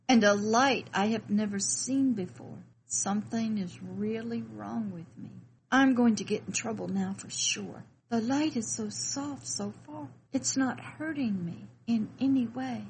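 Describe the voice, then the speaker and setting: A woman's voice: mid-range voice, darkish tone, slight background noise, natural voice, low-quality recording. A woman voicing a frightened, lonely spirit child hiding in darkness, who talks timidly and asks anxious questions in a scripted devotional story. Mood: bewildered.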